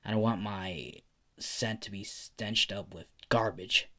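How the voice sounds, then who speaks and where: Cold teenage boy, sneering, muttered, low and quiet, put on by a male narrator. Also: slow. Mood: contemptuous.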